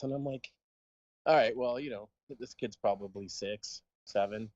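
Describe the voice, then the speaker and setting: A man's voice: on the low side, moderate pace, darkish tone, dull audio. A man, a podcast co-host, telling a long, rambling story in casual chat and laughing as he goes. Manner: rambling anecdote, laughing often.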